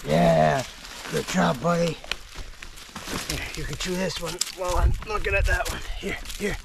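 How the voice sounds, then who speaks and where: High-voiced man praising his dogs outdoors. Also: measured pace, vocal fry, noisy background. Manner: excited praise, laughing, chatty. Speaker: vlogger shed hunting with dogs. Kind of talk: casual outdoor vlog talk to dogs. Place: woods outdoors.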